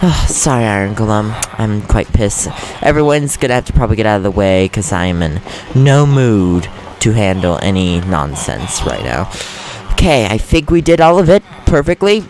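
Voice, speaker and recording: Young male gaming host, lively pitch, calm chatter flaring into frustrated rants, faint music under. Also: normal speed. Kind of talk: casual Minecraft commentary.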